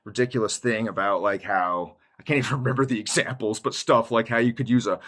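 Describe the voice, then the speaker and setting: Talking fast in a lowish, steady, fairly bright voice, a YouTuber shares his Christian testimony in a loose, rambling monologue. He addresses viewers in slang, throws in "dude" a lot, and breaks into laughter partway through sentences.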